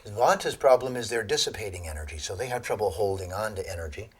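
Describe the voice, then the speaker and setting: A man giving a lecture on Ayurveda to an audience, telling animated stories and laughing at his own jokes. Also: lowish voice, fast talker, slightly rough. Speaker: Ayurveda teacher.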